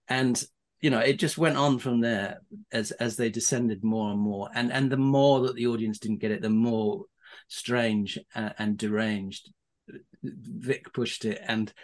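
A man's voice: mid-range voice, darkish tone. Middle-aged man spinning rambling anecdotes. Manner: rambling storyteller with many restarts, chuckling. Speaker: podcast guest. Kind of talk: casual anecdote telling.

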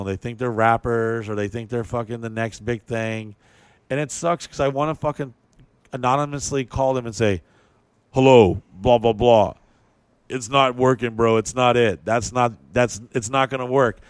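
A man's voice: medium pitch, no echo. Profane, rambling man on a podcast. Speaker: podcast host. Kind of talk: casual chat.

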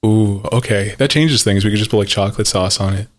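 A man's voice: lowish voice, fairly quick. A man in a casual podcast chat, playful and jokey, asking follow-up questions and riffing. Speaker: podcast co-host.

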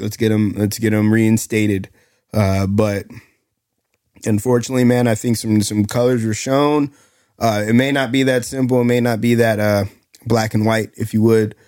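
A man co-hosting a podcast in casual chat, measured and pausing often. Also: fairly low pitch, darkish tone, no room sound, studio quality. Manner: measured, with many "uh" pauses. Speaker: podcast co-host.

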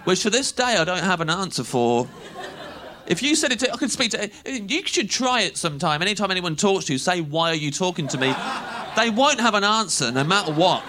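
A man in his thirties telling an animated stand-up story, acting out voices as he goes. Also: high voice, a little fast, slight background noise. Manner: animated, acts out voices, laughs through lines. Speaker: stand-up comedian.

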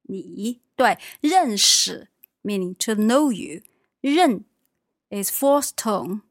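Very slow-speaking patient woman teacher. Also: medium pitch, expressive, no room sound, studio quality. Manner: patient, brief confirmations and slow model phrases. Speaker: language teacher. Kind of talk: language lesson dialogue.

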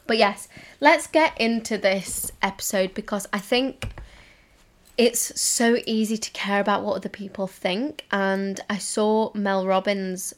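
Her mid-range voice stays steady and a little slow as she talks. She's a young woman hosting a casual solo podcast from a cozy room at home, rambling, giggling and filling gaps with fillers.

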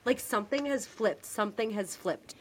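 A woman's voice: mid-range voice, moderate pace, slight background noise. A young woman co-hosting a podcast, chatting casually and acting out lines as she recaps a TV episode. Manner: animated storyteller, acts out quotes. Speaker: podcast co-host.

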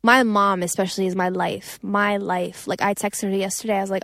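A woman's voice: mid-range voice, level tone, fairly quick, creaky, few pauses, fairly bright tone, no echo, clean studio sound. A young woman singer talking casually in an interview, rambling and profane with many restarts. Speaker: singer and songwriter.

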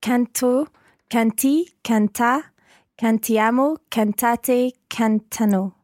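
A woman's voice: on the high side, slow pace, darkish tone, no room sound, clean studio sound. Woman learner repeating carefully. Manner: careful and tentative, repeating after the teacher. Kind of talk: practising in a language lesson.

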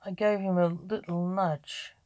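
A woman voicing the Sandman, a weakened, gentle male dream guardian and father in a gothic audio story. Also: lowish voice, steady tone, unhurried, close to an everyday voice. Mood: tired.

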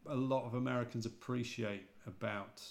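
An English preacher with a North Midlands accent, chatting casually and rambling, often correcting himself mid-sentence. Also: male voice, medium pitch, moderate pace, gravelly. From England. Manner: relaxed, rambling, self-correcting. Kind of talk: casual podcast chat.

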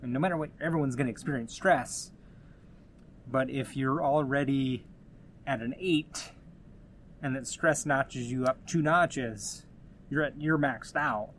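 A man's voice: mid-range voice, measured pace, a bit bright, a little hiss or hum. A man hosting his own podcast, talking casually in a conversational, rambling way with frequent restarts and asides. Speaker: podcast host. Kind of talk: casual solo podcast talk.

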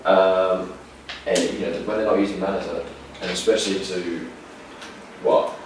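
An Australian man with a low voice tells stories in a blunt, laid-back way and swears freely. He sits well back from the mic. The room is very echoey, with steady background noise. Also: normal speed, distant mic. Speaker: podcast guest. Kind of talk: casual storytelling.

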